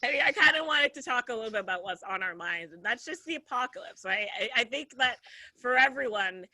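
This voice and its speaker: Woman comic, high bright voice, dry close sound, swears freely, laughs through her bits. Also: expressive, a little fast, dry recording, poor audio. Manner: profane, laughs at own jokes. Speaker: stand-up comedian. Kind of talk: stand-up comedy set.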